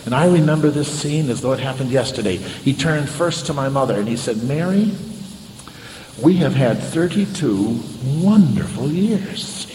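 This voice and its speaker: A man preaching a sermon, telling a story dramatically and moving from loud passages to hushed ones. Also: medium pitch, slight background noise. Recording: echoey hall with faint ambience.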